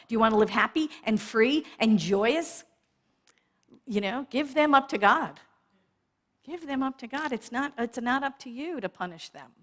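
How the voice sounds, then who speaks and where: Animated woman minister giving a sermon. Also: a little high. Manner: animated, laughing often, asks the congregation "right?".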